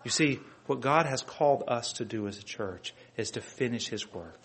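Man, pastor, fervent sermon, rhetorical questions, middle pitch. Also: moderate pace, fairly bright tone. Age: adult with children. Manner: fervent preaching, many rhetorical questions to the congregation.

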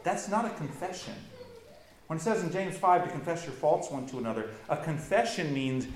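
A man's voice: a little high, lively intonation, brisk, echoey room, low-quality recording. Emphatic male pastor preaching. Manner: earnest, emphatic preaching with rising intensity. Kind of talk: sermon.

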